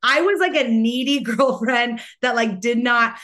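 A woman's voice: a little high, a little slow, bright, forceful tone. A young woman hosting a podcast, chatting in a rambling way full of "like". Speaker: podcast host. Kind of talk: casual chat.

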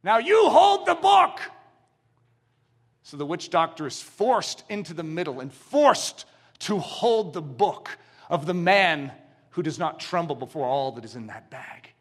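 A man's voice: a little high, animated, measured pace, a bit bright. A man preaching a sermon, telling a story dramatically and asking his audience questions. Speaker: pastor.

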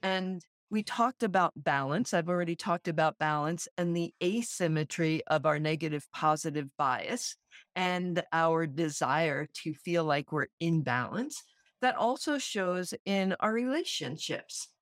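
A woman from New Jersey co-hosts a podcast in a fairly low voice. She talks reflectively, laughing often, and the sound is dry and close. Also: unhurried, no room sound. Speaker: podcast co-host. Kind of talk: conversational podcast chat.

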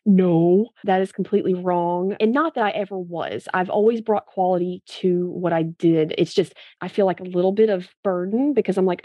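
A woman guest in a casual interview, telling stories in a candid and animated way. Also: medium pitch, normal speed, hardly any pauses, dry recording, dull audio. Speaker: guest, medical device consultant.

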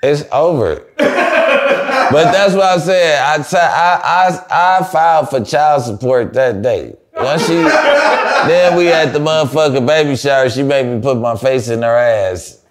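A man's voice: on the high side, big pitch swings, measured pace. Profane, laughing male storyteller. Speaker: guest. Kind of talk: casual storytelling interview.

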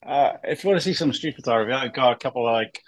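A man's voice: medium pitch, rapid-fire, no room sound. A man from Wales, a guest in a casual interview, telling stories in a chatty, joking way. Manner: chatty, jokey, animated storytelling.

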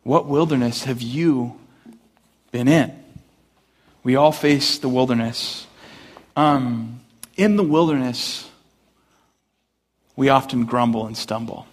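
A pastor preaching a sermon in a conversational, storytelling way, with many asides, and rising high and loud for emphasis. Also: male voice, takes it slowly, long pauses.

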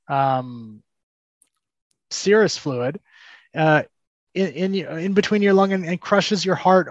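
Animated man telling his story. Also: a little high, no echo, lo-fi sound. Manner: animated, acts out quoted dialogue, frequent restarts. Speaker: podcast guest. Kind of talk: telling a personal story in conversation.

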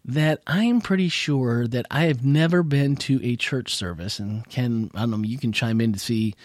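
In a dry studio recording, a medium-pitched man with a darkish tone hosts a casual podcast chat at a normal pace. He's still getting his voice back after losing it, and he rambles, self-corrects, and laughs softly a lot.

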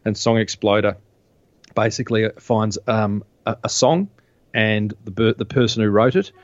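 A man's voice: lowish voice, moderate pace, dry recording. A man, chatting as a guest on a podcast about marketing, with frequent restarts. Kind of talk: casual interview chat. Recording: dull, dry lo-fi sound.

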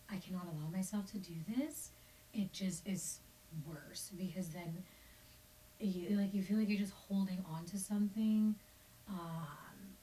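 Soft, low-voiced woman, half-whispering. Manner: soft-spoken, often near a whisper. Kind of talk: reflective conversation about grief. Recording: distant mic with faint hiss.

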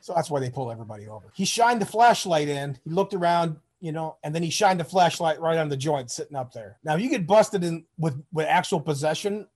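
A man's voice: fairly high pitch, animated, a little fast, hardly any pauses, darkish tone, husky. A middle-aged man from Michigan speaks in a slightly raised register, rambling through stories with plenty of swearing. He keeps slipping into the voices of the people in his tales, in a loose, conversational interview. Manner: rambling, profane, acts out quoted voices. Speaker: guest, Army veteran. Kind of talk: casual storytelling interview.

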